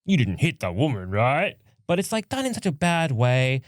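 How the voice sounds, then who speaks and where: A man on a podcast, animatedly recapping a film, acting out characters in quick voices and swearing casually. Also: mid-range voice, big pitch swings, no echo, studio quality. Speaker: podcast co-host.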